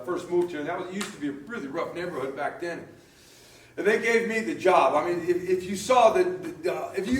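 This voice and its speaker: Male pastor, casual storytelling sermon, slightly high voice, roomy echo, set back from the mic. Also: far from the mic. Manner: conversational storytelling with laughs and many restarts.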